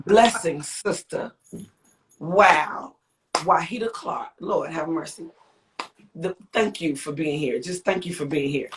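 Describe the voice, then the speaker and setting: Low and slow, her voice pauses often over a faint hiss or hum. The speaker, a woman who sings and writes, is a live interview guest whose emotional livestream chatter rambles heartfeltly, with repetition and exclamations.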